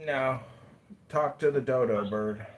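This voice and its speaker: A man's voice: medium pitch, slow, slight background noise. A man in a casual debate, terse and dry in manner.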